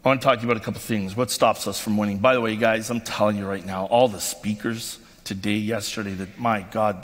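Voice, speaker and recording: A man's voice: fairly low pitch, fairly bright tone. A man giving an emotional, effusive motivational speech as keynote speaker at a company convention, with frequent ums and restarts. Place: convention stage in a large hall. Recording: long hall reverb from a convention stage.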